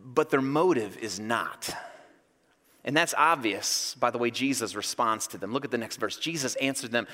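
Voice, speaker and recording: Male pastor, sermon, bright high voice, jokey and animated, in a reverberant church hall. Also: moderate pace. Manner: animated, joking storyteller.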